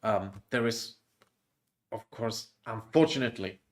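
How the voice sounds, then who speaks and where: A man from Germany with a German accent, a guest in a casual live chat, speaking in a thoughtful, measured and hesitant way. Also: fairly low pitch, expressive.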